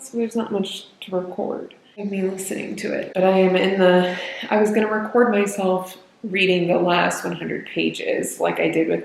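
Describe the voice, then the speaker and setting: A woman's voice: mid-range voice, vocal fry, reverberant, a little hiss or hum, poor audio. A young woman in her twenties recording a casual book reaction vlog at home, chatty and emotional, often laughing between lines. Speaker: book vlogger. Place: home room. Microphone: camera at close range.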